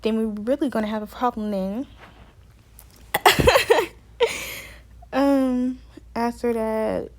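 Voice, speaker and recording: A young woman tells her own story to the camera in a fired-up, cursing style. Her voice sits a little high for a woman. She has the loose pacing of casual storytime talk. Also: steady tone, measured pace, dark tone. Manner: heated, profane storytelling. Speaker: vlogger. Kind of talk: storytime vlog.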